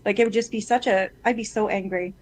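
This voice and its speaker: A woman in casual chat with a friend, blunt and quick to swear, acting out what her son said as she tells it. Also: mid-range voice, steady tone, darkish tone, low-quality recording. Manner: blunt, swears freely, retells her son's words.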